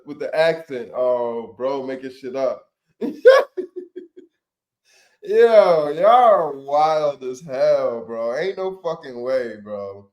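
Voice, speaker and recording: Laid-back slangy man streaming, slow talker. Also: fairly high pitch. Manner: laid-back, laughs a lot, slangy and profane, breaks into loud yelps. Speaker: livestream host. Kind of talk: casual livestream chat with viewers.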